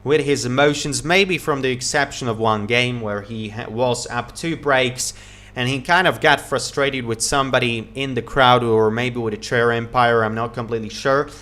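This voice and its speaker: A man giving live play-by-play tennis commentary, calling each shot quickly and getting excited at big points. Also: medium pitch. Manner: excited, calls shots rapidly, repeats praise.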